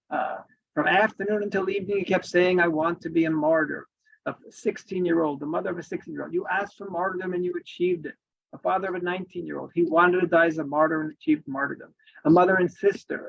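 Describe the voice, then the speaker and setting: A man's voice: fairly high pitch, creaky, husky. A man giving an earnest, emphatic spoken presentation, reading out quoted examples as he goes. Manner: earnest, emphatic, with frequent restarts. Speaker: advocacy speaker. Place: in Washington. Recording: dull lo-fi recording.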